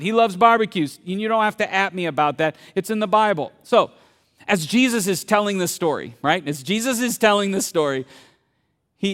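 A man preaching in a high, light voice, with a long reverb trailing every phrase in a large hall. He talks to his congregation like he's chatting with them and keeps asking them questions. He swings from loud bursts to hushed, near-quiet stretches. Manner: conversational, asks the audience questions. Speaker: pastor. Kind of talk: sermon.

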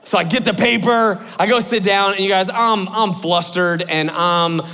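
A man telling a personal story to an audience in an animated, excitable way, full of exclamations. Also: sits high, moderate pace, long reverb tail. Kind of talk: personal anecdote told to an audience.

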